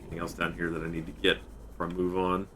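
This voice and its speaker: Deep-voiced man muttering through a game stream. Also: completely flat delivery, very fast, a bit bright, a little hiss or hum. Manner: thinks aloud and mutters while playing; reads out chat messages. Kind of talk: live game-stream commentary.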